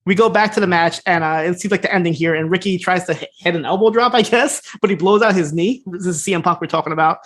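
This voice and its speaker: A man co-hosting a podcast, recapping a TV episode in casual chat, quickly acting out what the characters say, with frequent laughs. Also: high-pitched. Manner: fast, animated retelling with laughs and acted-out quotes. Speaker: podcast co-host.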